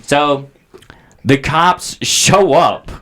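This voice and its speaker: A man's voice: on the high side, drawn-out words. A man co-hosting a podcast, telling a family story in casual chat, swearing freely and acting out what people said. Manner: profane, animated, acts out quoted voices. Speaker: podcast co-host.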